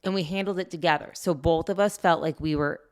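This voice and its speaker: A middle-aged woman co-hosting a parenting podcast in casual chat, gently advising. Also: low-pitched, fairly even intonation, quick pace. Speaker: podcast co-host.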